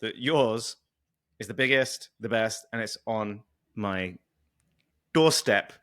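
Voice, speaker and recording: A man's voice: on the low side, takes it slowly, a bit bright, clean tone. A British man hosting a casual podcast interview, chatty and enthusiastic with a joking streak. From Britain. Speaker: podcast host.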